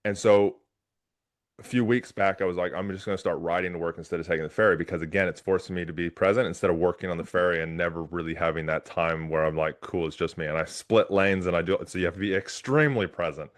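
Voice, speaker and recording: Deep-voiced man telling an animated story. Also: fast talker. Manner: animated personal storytelling with many restarts. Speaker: podcast host. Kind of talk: casual conversational interview.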